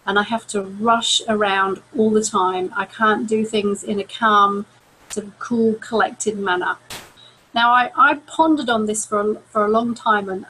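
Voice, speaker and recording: Calm, measured woman giving a talk. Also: medium pitch, low-quality recording. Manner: calm, measured, conversational with restarts. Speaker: stress coach. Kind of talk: talk to an audience.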